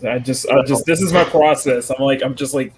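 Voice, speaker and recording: A man's voice: medium pitch, a little fast, a little mellow. Rambling man over faint noise. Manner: rambling, hesitant. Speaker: artist. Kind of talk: casual group chat on a video call.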